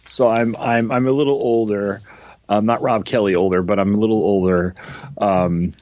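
Low-voiced man in his forties, halting. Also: steady tone, a little mellow. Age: 40s. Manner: halting, lots of restarts and laughs, self-deprecating. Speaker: podcast co-host. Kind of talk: casual chat.

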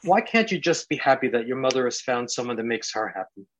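A man's voice: medium pitch, big pitch swings, fast talker, slight background noise, low-quality recording. A man guesting on a podcast in casual chat, earnestly retelling scenes he admires.

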